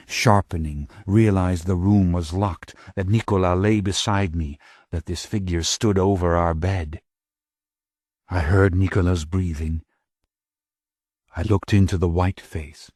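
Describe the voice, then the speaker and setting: A man's voice: darkish tone, slightly rough, no echo. A man narrating an audiobook in a dramatic, intense way, close to a studio mic. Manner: slow, low and intense, rising to urgent cries.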